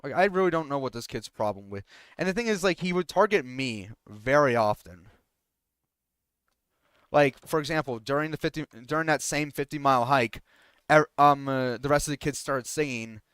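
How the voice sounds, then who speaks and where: A man's voice: medium pitch, lively intonation, moderate pace, a bit bright, clear, resonant tone, no echo, clean studio sound. A young man streamer telling a rambling story with many restarts and fillers, sometimes indignant, in casual talk while gaming.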